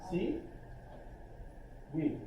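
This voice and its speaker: A middle-aged college philosophy instructor gives a casual lecture, chatty and rambling with joking asides, speaking extremely slowly. It's captured from a distance in a roomy classroom, with a noisy background.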